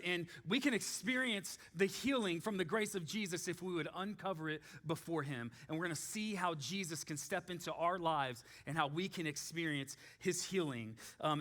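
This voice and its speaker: A man, preaching a sermon in a church in a casual, animated storytelling way with many fillers. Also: a little high. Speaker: pastor.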